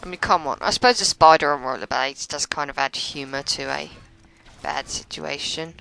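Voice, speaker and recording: A woman's voice: sits low, moderate pace, gravelly, pushed and bright, soft background music, low-quality recording. A young woman giving chatty, sarcastic gameplay commentary and laughing often. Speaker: let's play commentator.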